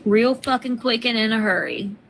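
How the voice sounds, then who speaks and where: A woman's voice: fairly high pitch, moderate pace, fairly bright tone, slight background noise. A middle-aged woman chatting on a livestream in a blunt, rambling way, swearing constantly. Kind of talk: casual chat. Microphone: home computer mic on a video call.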